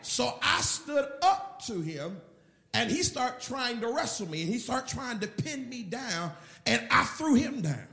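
A man's voice: very high-pitched, very animated, measured pace, gravelly, sharp tone, roomy sound. A middle-aged man, a pastor, preaching a sermon with emphatic storytelling. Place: church.

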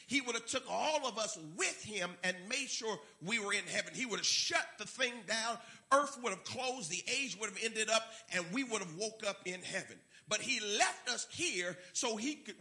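A man's voice: sits high, sharp tone. A man preaching a sermon, emphatic and repeating key words for effect. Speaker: pastor.

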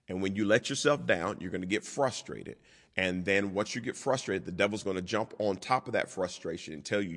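A pastor delivers a sermon in a fairly low voice, stacking repeated phrases into a rolling rhythm. His voice carries a long reverb from the church hall around him. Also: fairly bright tone. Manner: repetitive preaching cadence.

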